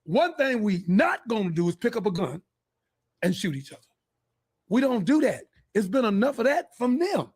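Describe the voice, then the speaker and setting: High-pitched man ranting fiercely. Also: very animated, normal speed, husky. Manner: fiery, profane, preachy, bursts into shouting. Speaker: podcast host. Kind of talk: heated monologue.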